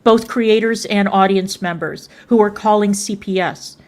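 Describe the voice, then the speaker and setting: Woman streamer going off on someone, scornful and cussing, mid-pitched voice. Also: steady tone, unhurried. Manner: scolding, contemptuous, swears freely. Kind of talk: heated livestream commentary.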